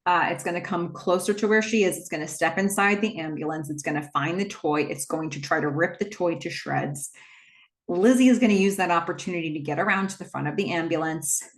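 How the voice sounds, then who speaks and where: A woman's voice: lowish voice, brisk. A woman retelling a film scene by scene in a casual recap, with the odd filler. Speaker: movie recap host.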